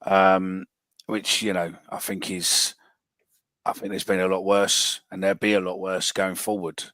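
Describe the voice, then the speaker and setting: Blunt man, very low voice, dry close mic, podcast host reading fan predictions. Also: level tone, a little slow, a bit bright, no echo. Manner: blunt, swears freely. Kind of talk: casual football podcast chat.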